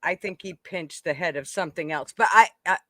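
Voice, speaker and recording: A woman's voice: on the low side, brisk, sharp tone, no echo. A woman co-hosting a casual podcast chat, telling stories with lots of laughter and teasing. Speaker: podcast co-host.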